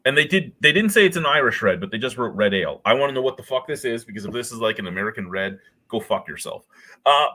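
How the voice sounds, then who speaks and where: A man holds forth in a casual beer chat, swearing freely and ranting with exasperation. His husky voice swings widely up and down as he talks. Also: medium pitch, sharp tone. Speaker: guest.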